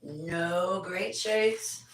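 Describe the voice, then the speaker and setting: A woman voicing a grumpy female Grinch-like creature in a comedy vlog, grumbling in a sour, deadpan way. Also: on the low side, extremely slow, echoey room, heavy background noise. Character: grumpy green female Grinch-like creature who hates cooking.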